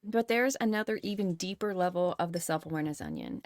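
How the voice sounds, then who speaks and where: A woman's voice: lowish voice, wildly swooping pitch, fast talker, no echo, clean studio sound. A woman reading a self-help book aloud and stopping often to comment and swear casually. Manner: reads, rereads and comments with swearing.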